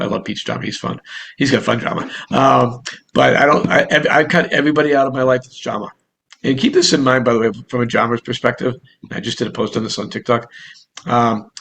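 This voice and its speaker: A man with a Boston accent gives a casual talk to an online group as a real estate broker and coach. He talks with quick, restless energy and often restarts mid-thought. His voice is at an ordinary pitch for a man. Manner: energetic, rapid, rambling with restarts.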